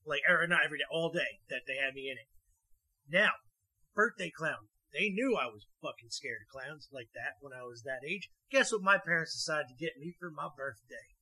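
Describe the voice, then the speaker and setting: A man with a husky voice in an animated, profane casual chat, often repeating words as he gets going. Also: a little high, normal speed, rough recording.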